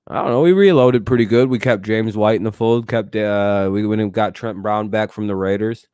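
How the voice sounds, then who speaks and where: A man's voice: fairly low pitch, normal speed, darkish tone, smooth, no room sound, clean studio sound. A man hosting a casual live sports talk stream. He talks back to his chat and swears freely. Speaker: streamer host.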